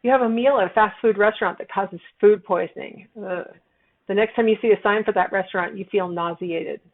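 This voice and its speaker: A woman's voice: mid-range voice, a little fast. Woman lecturing over tinny phone-like audio. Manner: explanatory, with fillers and self-corrections. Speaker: psychology instructor. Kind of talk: recorded lecture walkthrough.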